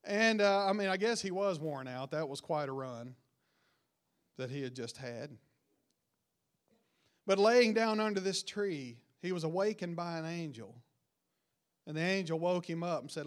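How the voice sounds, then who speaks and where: A man preaching a sermon, retelling a Bible story with rising emphasis and quiet, dropped line endings. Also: on the high side, expressive, normal speed.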